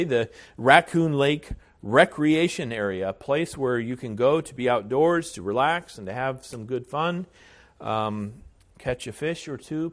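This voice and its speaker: A man preaching a sermon as pastor, speaking in a measured, deliberate way with frequent hesitations. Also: medium pitch.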